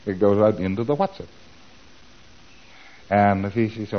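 A man's voice: fairly low pitch, moderate pace, long pauses, dull audio, a little hiss or hum. A man giving an informal lecture, animatedly acting out both sides of the dialogues he describes.

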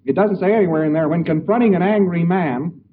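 A man's voice: high-pitched, a little fast. A man on a narrow, tinny archival recording, heard from some distance off the mic with a faint hiss underneath. He lectures in a folksy, anecdotal way and slips into acting out both sides of short conversations. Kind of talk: informal lecture to an audience.

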